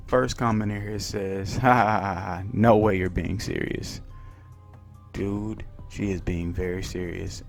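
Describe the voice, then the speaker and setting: A man with a low, gravelly voice hosts a reaction commentary. He mocks what he hears with blunt, profane remarks. Faint music plays underneath. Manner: mocking, profane. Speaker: commentary channel host.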